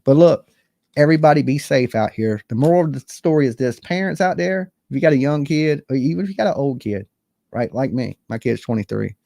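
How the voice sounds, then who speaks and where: In an animated, slightly fast voice that's gravelly yet mellow and medium in pitch, a man runs a casual livestream for his true crime channel. He's blunt and conversational, swears a lot, and reads chat comments aloud.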